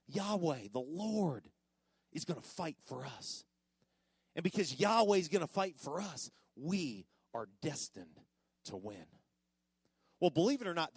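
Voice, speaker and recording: Animated preacher man, high lively pitch. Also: no echo. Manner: animated, swinging from loud emphasis to quiet low endings. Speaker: pastor. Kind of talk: sermon. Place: church sanctuary.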